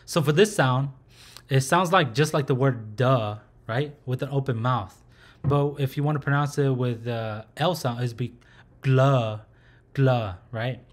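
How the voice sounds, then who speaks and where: A man's voice: mid-range voice, moderate pace. A man teaching a recorded language lesson. He speaks patiently, sounds out syllables and repeats them aloud.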